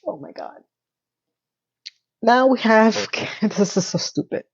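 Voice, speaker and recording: A woman casually recapping a TV episode in a blunt, animated, swearing style. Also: a little high, slow pace, gravelly, breathy edge, highs cut off. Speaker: TV recap vlogger.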